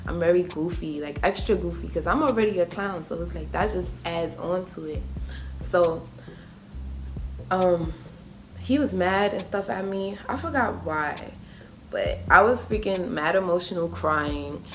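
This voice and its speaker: A woman's voice: a little slow, over music. Chatty young woman telling a story. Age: young adult. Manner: chatty, full of fillers like "like" and "um"; acts out quoted voices with sudden high pitch. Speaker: vlogger. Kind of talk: casual storytime.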